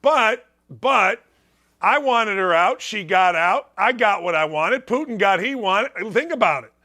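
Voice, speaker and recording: A man's voice: high-pitched, expressive, unhurried, bright, forceful tone. A middle-aged man hosting a sports talk show, riffing sarcastically and reading viewer comments aloud.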